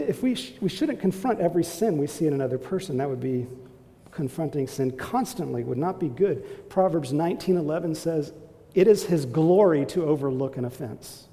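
A male pastor preaching with an emphatic, exhorting delivery. His voice sits a little high yet sounds dark and mellow, with a gravelly edge. The sound rings with the long reverb of a large hall. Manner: emphatic, builds to forceful exhortation. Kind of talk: sermon.

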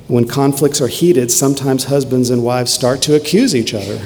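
A man preaching a sermon in an earnest way, swinging from emphatic questions to quiet, low lines, in a church sanctuary. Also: normal speed. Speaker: pastor. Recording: long hall reverb, faint ambient noise.

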